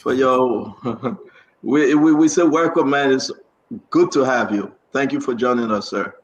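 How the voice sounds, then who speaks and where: A man's voice: medium pitch, unhurried, echoey room, dull audio, slight background noise. A man hosting a casual online talk show, chatty and upbeat, drifting into preachy asides.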